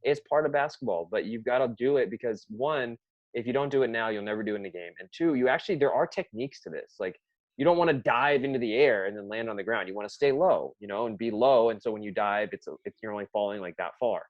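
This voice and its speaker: A man's voice: on the low side, quick pace, no room sound. Man coaching, dull dry sound. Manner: storytelling, acts out players' reactions. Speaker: basketball coach, podcast co-host. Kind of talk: casual podcast chat.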